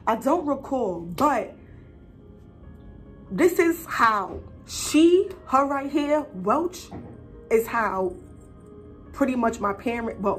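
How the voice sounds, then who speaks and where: A young woman vlogger telling a personal story in a casual, animated, profane and slangy way. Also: mid-range voice.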